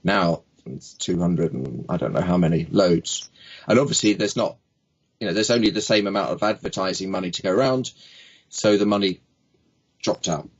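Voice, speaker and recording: A man with a lowish, husky voice chats easily as a guest, spinning funny anecdotes and slipping into the voices of the people he quotes. The recording sounds dull and lo-fi. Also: moderate pace. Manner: anecdotal, jokey, acts out quotes. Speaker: guest, speaking coach. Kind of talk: casual interview chat.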